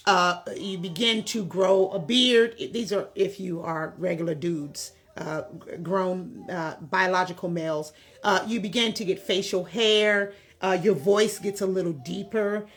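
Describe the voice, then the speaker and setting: A woman's voice: on the low side, measured pace. A woman hosting a vlog, talking in a blunt, frank casual monologue with many fillers, recorded on a phone. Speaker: vlog host.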